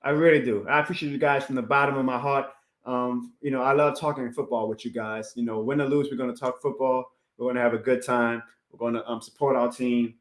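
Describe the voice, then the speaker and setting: A man's voice: medium pitch, fairly even intonation, brisk, roomy sound. A man chatting casually on a live stream, heartfelt and rambling, laughing often and answering chat. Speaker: YouTube sports streamer.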